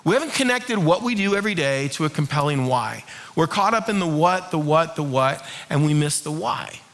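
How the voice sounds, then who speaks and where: Middle-aged guy preaching a sermon, high bright voice, gets the crowd to answer back. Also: a little fast. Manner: lively, leads the congregation in call-and-response. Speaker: pastor.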